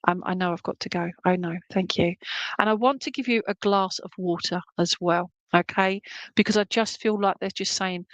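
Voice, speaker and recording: A woman's voice: medium pitch, steady tone, normal speed, dry recording, muffled recording. A woman working as a spiritualist medium, giving a chatty, reassuring reading and checking in with "okay?" all the time. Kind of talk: clairvoyant reading in an online church service.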